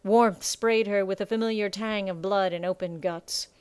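Smooth-voiced woman narrating a story. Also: mid-range voice, fairly even intonation, a little mellow, dry recording. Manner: measured, dramatic storytelling. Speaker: audiobook narrator. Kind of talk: scripted narration.

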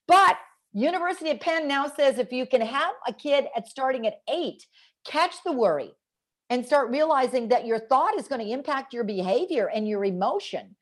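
A woman with a high voice, speaking at normal speed, guests on a spirited podcast as a parenting author. Her subject is raising boys, and she brings it alive with stories and quotes from the kids and parents she interviewed.

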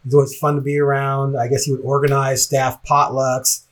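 A man from the Portland, Oregon area co-hosts a sports podcast, chatting casually in a rambling, reflective way and laughing often. His mid-range voice is monotone at a moderate pace.

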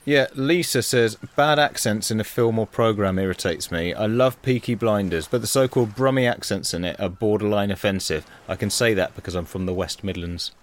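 Podcast co-host riffing animatedly. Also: male voice, on the low side, a little fast, hardly any pauses. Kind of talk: casual chat.

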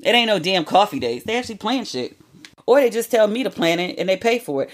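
A woman in her thirties talks casually into the mic as a podcast host, spinning chatty, animated stories. She keeps breaking off for asides, and her voice sits at a middle pitch. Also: fast. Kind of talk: casual solo chat.

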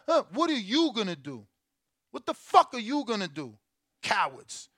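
High, bright-voiced brash man. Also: lively intonation, normal speed, no echo, clean studio sound. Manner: brash, profane, lecturing. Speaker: event promoter hosting a call. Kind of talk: casual call with fighters.

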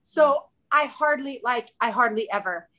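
High bright-voiced chatty woman. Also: unhurried. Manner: chatty, candid, peppered with "like", quoting herself. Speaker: podcast guest. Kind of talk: casual chat.

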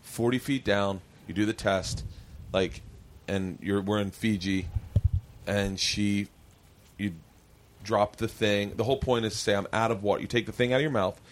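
Male podcast host, low-ish voice, animated and profane storyteller who does the voices in his tales. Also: moderate pace, slight background noise. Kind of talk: casual storytelling chat.

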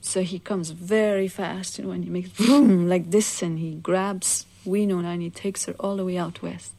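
A woman with a fairly low voice tells an old legend aloud. She takes her time and speaks casually, breaking in with little asides to her listeners. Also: steady tone, gravelly, dark tone. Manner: unhurried, conversational, frequent "you see" asides. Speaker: storyteller. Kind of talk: oral legend telling.

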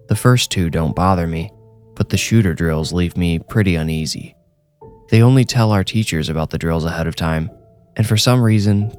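A man reading a scripted horror story aloud in a measured, hushed storytelling manner. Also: low-pitched. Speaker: horror story narrator and host.

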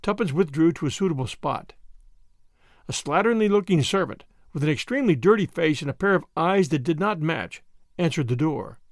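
A man reading a novel aloud as an audiobook narrator, expressive and measured. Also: on the high side, dry recording, clean studio sound. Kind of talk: storybook reading.

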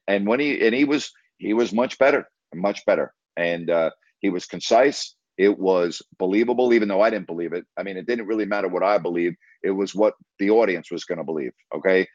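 A man's voice: sits low, fairly quick, no room sound. A man and former team broadcaster telling a story in a casual interview, talking emphatically and retelling conversations line by line. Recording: dry, slightly dull audio.

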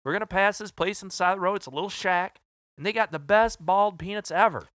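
A man's voice: fast talker, a bit bright, dry recording, studio quality. A man doing a drawling southern salesman. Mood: teasing, enthusiastic. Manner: high drawling put-on twang. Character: southern sales rep man, folksy and eager.

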